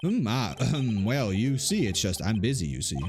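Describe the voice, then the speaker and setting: A man's voice: lowish voice, very animated, unhurried, darkish tone, faint music behind, voice pushed up. A man doing a pompous old Southern lawyer. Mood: evasive. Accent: put-on Southern US country. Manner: pompous, drawling, stammering repetition. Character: pompous older male lawyer, evasive and blustering.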